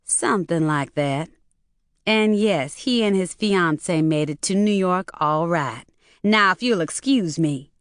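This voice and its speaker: A woman's voice: fairly low pitch, a little slow, smooth, no echo, studio quality, lightly acted. A woman voicing a distraught, furious wife. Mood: cool.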